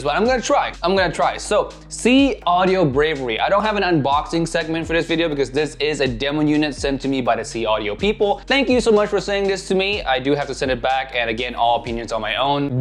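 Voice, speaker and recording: A man with a raspy voice, hoarse from being sick, casually and enthusiastically reviewing audio gear for his channel. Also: a little high. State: hoarse from illness. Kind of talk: product review talking to camera.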